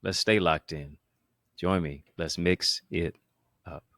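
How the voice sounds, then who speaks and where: A man's voice: deep voice, fairly even intonation, takes it slowly. A man hosting his own show, delivering a motivational talk with an emphatic, preacher-like cadence full of repetition and wordplay. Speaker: motivational speaker and show host.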